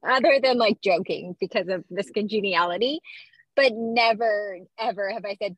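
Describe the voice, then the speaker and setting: A woman's voice: mid-range voice, normal speed, husky, no echo, rough recording. A woman co-hosting a podcast, chatting casually about a film, joking and correcting her co-host. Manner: jokey, sings snippets and corrects her co-host. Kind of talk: casual movie recap chat.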